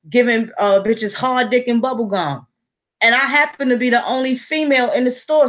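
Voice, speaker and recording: A woman talks straight to her audience in a casual monologue. Her voice sits a little high, and she tells her stories bluntly, with plenty of profanity. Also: a bit bright. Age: 40s. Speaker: vlogger.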